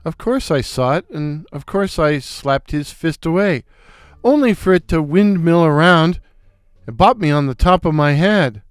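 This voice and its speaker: An older man narrating a comic story in a wry, unhurried way. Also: fairly high pitch, lively intonation, clean tone, dry recording, clean studio sound. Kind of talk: scripted narration.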